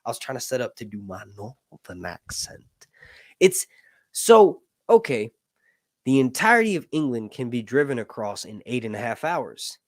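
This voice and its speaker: A man's voice: mid-range voice, animated, moderate pace, no room sound, studio quality. A man hosting a casual live stream, rambling and self-deprecating as he thinks aloud. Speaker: channel host.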